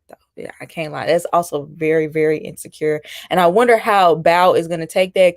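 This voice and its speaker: A woman's voice: fairly low pitch, no room sound, studio quality. Chatty woman hosting a live stream. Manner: chatty, reacts to viewer comments, mimics people mockingly. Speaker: host. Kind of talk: casual live-stream commentary.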